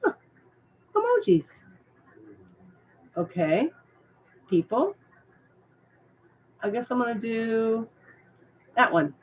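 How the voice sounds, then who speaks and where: A middle-aged woman hosts a casual live stream, chatting with viewers in a fairly high, husky voice at a slow pace with frequent pauses. She often bursts into excited, surprised exclamations between trailing fillers, and the audio is dull.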